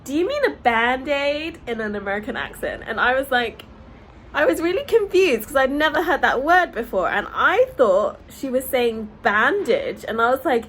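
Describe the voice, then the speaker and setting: A young woman with a British accent chats into her phone camera and wanders from story to story, her pitch swinging up and down. Her voice sits a little high, with faint noise underneath. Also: sing-song, normal speed, fairly bright tone, rough recording. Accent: British English. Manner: chatty, rambling storyteller with frequent fillers. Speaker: vlogger. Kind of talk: casual chat vlog. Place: home, on a balcony.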